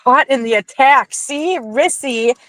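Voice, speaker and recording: A middle-aged woman hosts a casual nighttime livestream outdoors, chatting playfully, laughing often and talking into a handheld phone. Her voice sits high and a bit bright, and she speaks slowly. The recording is dry and low in quality.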